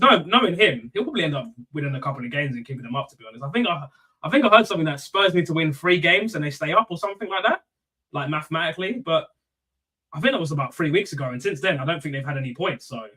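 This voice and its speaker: A young man hosting a casual fan live stream, reading chat and giving shout-outs in loose slang. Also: a little high.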